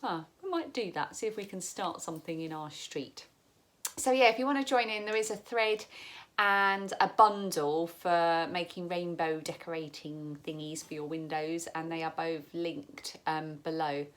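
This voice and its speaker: Chatty British woman, low-pitched. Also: normal speed, fairly bright tone. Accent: British English. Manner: chatty, rambling, laughs often. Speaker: craft vlogger. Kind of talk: casual chat to camera. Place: home, bedroom and bathroom.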